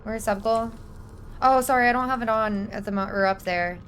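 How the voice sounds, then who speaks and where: A woman's voice: on the high side, normal speed, a bit bright, a little hiss or hum. A young woman streaming a game live, chatting casually, swearing and thanking her chat. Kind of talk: live gameplay commentary.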